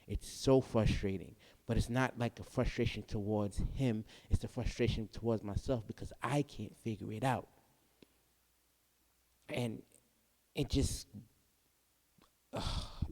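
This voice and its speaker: A man's voice: lowish voice, measured pace, long pauses, darkish tone, big-room sound. A young man hosting a podcast, talking earnestly through a personal struggle and often repeating himself. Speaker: podcast host. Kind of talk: candid personal monologue.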